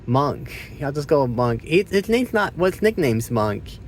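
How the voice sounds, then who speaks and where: A man giving a casual spoken movie review who rambles, swears freely and loses his train of thought. He gets loud and excited when he retells scenes. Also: on the high side, measured pace, slight background noise.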